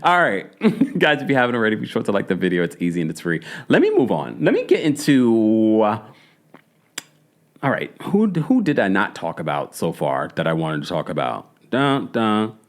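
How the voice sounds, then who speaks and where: A man's voice: deep voice, wildly swooping pitch, fast talker. A man with a Jamaican accent in casual, playful commentary, chatting to viewers with laughs and asides. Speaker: celebrity news commentator. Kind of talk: casual chat.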